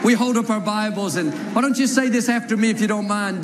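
A preacher with a high, ringing voice leads his congregation in call-and-response and slips into folksy joke-telling. His sermon comes from a live church recording with plenty of noise in the background. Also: fairly quick. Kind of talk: sermon with jokes. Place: large church.

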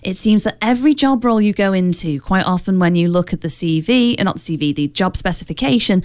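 A woman's voice: mid-range voice, lively intonation, fast talker, darkish tone. A woman hosting a radio talk show, chatting easily and steering the talk with questions to her guests. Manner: chatty, leads the conversation with questions.

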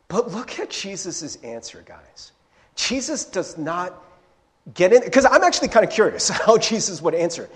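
A male pastor preaching in a high, lively voice that swings widely in pitch. He talks casually to the congregation, then presses his points with growing intensity, and his words ring out with a long reverb from the hall. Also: moderate pace. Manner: animated, conversational preaching with fillers and rising emphasis. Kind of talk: sermon.

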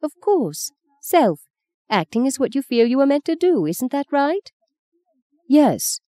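A woman reading aloud and voicing a stern, commanding elderly grandmother with a brisk, precise way of speaking. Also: sits high, very animated, warm tone, no echo, studio quality, pitched above the performer's own voice. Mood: scolding. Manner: brisk, precise, lightly scolding.

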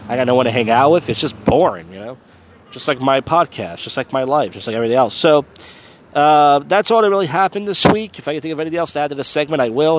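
A drunk man hosts a live-streamed podcast from a city street after dark, wandering through a crude, self-deprecating monologue. His voice sits in the mid range, with slight background noise behind it.

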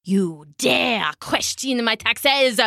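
A woman's voice: sits high, expressive, measured pace, sharp tone, dry recording, studio quality, heavily acted. A woman voicing a greedy, tyrannical king who shrieks and rants in a storybook tale. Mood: angry ranting. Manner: shrieking, ranting.

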